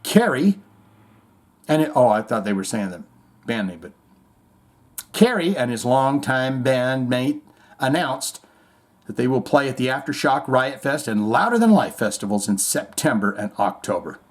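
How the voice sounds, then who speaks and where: A man hosting a casual show reads music news aloud in an expressive, medium-pitched voice at a moderate pace. He riffs on it irreverently with rambling, sweary asides and mock-reads the quotes.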